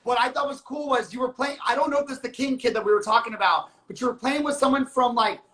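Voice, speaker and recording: A man's voice: extremely high pitch, fairly even intonation, fast talker, a bit bright. A man hosting a casual podcast, chatting with his guest and jumping in eagerly. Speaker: podcast host.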